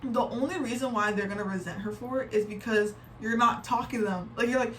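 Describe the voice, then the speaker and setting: A young adult woman, a reaction video creator, comments casually on online posts in a slightly high, fairly bright voice. She talks fairly quickly with few pauses, chatty, full of "like" fillers, and often exasperated. The mic is distant, with faint background noise.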